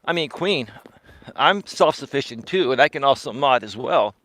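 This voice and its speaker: A man's voice: medium pitch, lively intonation, moderate pace, fairly bright tone. A man hosting a casual live-stream monologue while walking, speaking with emphasis, repeating words and tagging lines with "right?". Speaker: life coach and live-stream host.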